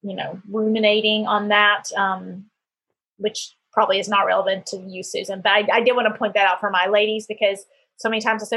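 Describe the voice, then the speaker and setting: A woman's voice: mid-range voice, level tone, a little fast, a bit bright, slightly rough. A middle-aged woman hosting a podcast, chatting casually and telling personal anecdotes with lots of fillers. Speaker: podcast host. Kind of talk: casual conversational interview.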